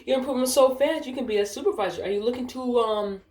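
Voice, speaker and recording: A woman's voice: a little high, fast talker, darkish tone, roomy sound, pitched above the performer's own voice, lightly acted. A woman imitating a sugary, patronizing female work trainer in a slightly raised, chirpy tone. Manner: chirpy, patronizing, keeps saying superstar.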